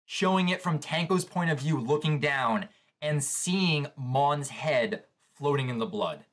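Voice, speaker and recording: A man's voice: on the high side, lively intonation, a little slow, fairly bright tone. Man reacting live to a manga chapter. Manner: narrates panels aloud, reacting with shock.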